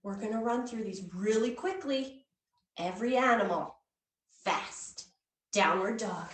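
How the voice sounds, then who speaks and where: A woman's voice: medium pitch, a little slow. A woman yoga instructor leading a playful, encouraging children's yoga class at an indoor fair, with cheery whoops. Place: indoor hall at a public fair. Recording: echoey room, voice from far off.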